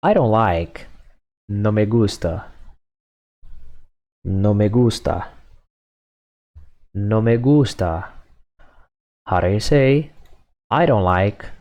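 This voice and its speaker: A man with a lowish, mellow voice leads a beginner language drill. He speaks slowly and patiently, saying each phrase several times before moving to the next. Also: lo-fi sound. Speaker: language teacher. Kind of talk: slow, repetitive lesson drills.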